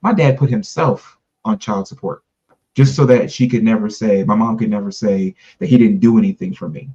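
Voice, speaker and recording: A man's voice: fairly low pitch, normal speed, dark tone, lo-fi sound. A man in casual podcast conversation, talking earnestly in long, run-on explanations. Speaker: podcast co-host.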